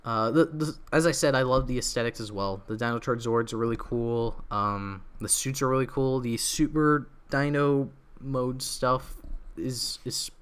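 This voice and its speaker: A man's voice: medium pitch, a little slow, a bit bright, clean tone. A young man hosting a casual livestream, rambling through his opinions with lots of fillers, restarts and small laughs, his throat feeling a bit off. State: throat feels off. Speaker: livestream host.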